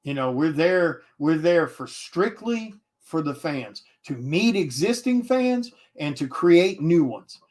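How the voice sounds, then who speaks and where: A man, an indie comic artist, talks bluntly to his viewers in a casual livestream. His voice sits a bit higher than most men's. He swears freely and stumbles over restarts as he presses his point. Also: takes it slowly. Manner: blunt, profane, animated, many restarts.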